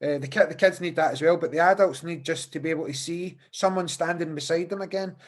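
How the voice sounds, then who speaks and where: Male podcast host, high-ish voice, chatty, on a video call. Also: quick pace. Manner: chatty, repeats words while thinking. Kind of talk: casual video-call interview.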